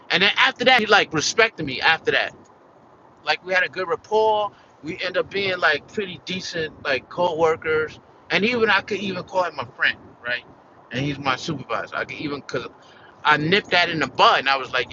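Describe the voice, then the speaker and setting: A man's voice: on the high side, lively intonation, moderate pace, sharp tone, lo-fi sound, slight background noise. An American man venting in a casual, rambling vlog rant, peppered with "like" and "you know" and swearing. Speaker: vlogger.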